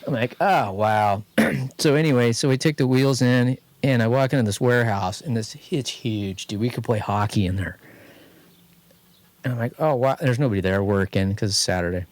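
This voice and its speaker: A man with a Californian accent co-hosting a podcast, telling a long garage story in a rambling, animated way. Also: medium pitch, brisk, no echo. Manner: rambling, animated anecdote telling, quotes others in lively voices. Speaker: podcast co-host. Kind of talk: casual garage chat, storytelling. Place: home studio.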